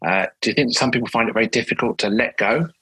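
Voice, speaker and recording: A man's voice: mid-range voice, quick pace, sharp tone, slightly rough, poor audio. A man hosting a podcast interview, asking reflective questions and summing up ideas. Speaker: podcast host.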